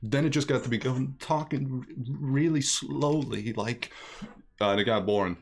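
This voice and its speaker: A man's voice: mid-range voice, normal speed, vocal fry. A man streaming a game, chatting casually and joking as he reads the dialogue aloud. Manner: joking, chatty, laughs often.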